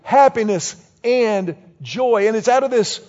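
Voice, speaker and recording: A man's voice: very high-pitched, a little slow, big-room sound, dull audio. A man in his fifties preaching a sermon, telling stories and calling on the congregation to respond. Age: 50s. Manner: storytelling, animated, tells the congregation to repeat lines. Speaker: pastor.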